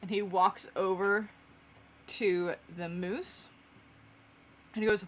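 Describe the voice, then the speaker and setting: Female game master, slow, laid-back storytelling with frequent giggles. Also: medium pitch, fairly even intonation, a bit bright. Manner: unhurried, giggly narration. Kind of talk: narrating a tabletop game.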